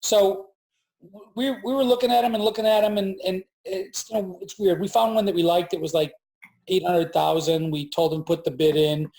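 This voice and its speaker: In a casual interview from his farm, a man in his forties, an entrepreneur guest, animatedly recounts a story while imitating the people he quotes. His creaky voice is high, and he speaks at a normal speed.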